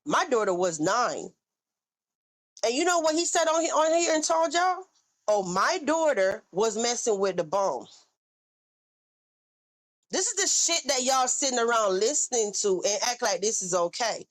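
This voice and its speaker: A woman's voice: high-pitched, lively intonation, moderate pace. A woman hosting a livestream, ranting angrily and profanely at critics in a confrontational way, with a Southern US accent. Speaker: livestream host. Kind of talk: heated livestream rant.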